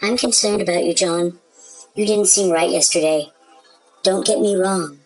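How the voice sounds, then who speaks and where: A woman's voice: lowish voice, normal speed, darkish tone, breathy edge, soft background music, rough recording. A woman playing a concerned wife in a scripted comedy sketch, earnestly explaining herself to her husband. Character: devoted, puzzled wife in a skit.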